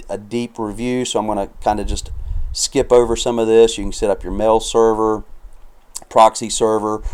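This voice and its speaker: A man narrates a software walkthrough over his screen recording, easygoing and chatty. His voice is smooth and clear at a middling pitch, and he often fills pauses as he goes. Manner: relaxed, chatty, with frequent fillers and asides. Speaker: software reviewer.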